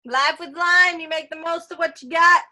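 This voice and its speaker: A woman's voice: very high voice, fairly even intonation, normal speed, pushed and bright. A woman chatting with a friend over a video call, cheering her on in a playful sing-song way. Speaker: guest friend. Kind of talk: casual chat.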